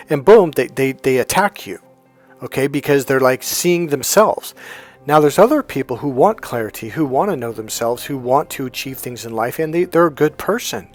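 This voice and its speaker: A man's voice: medium pitch, animated, moderate pace. A man coaching in a casual motivational monologue, talking conversationally with frequent restarts and quoted dialogue. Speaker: dating and healing coach.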